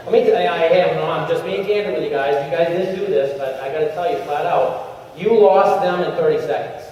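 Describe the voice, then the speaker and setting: A man giving an energetic coaching talk to a convention crowd, acting out little scenes in changing voices. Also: a little high, brisk. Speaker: motivational speaker at a sales convention. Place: large convention hall. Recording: echoey convention hall, far from the mic, dull sound.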